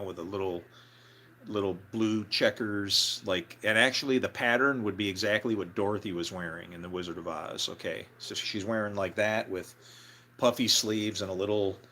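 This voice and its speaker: A man's voice: on the low side, bright, forceful tone. A man telling a story from his own life in a casual, rambling way, full of fillers and restarts. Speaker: storyteller, former band member.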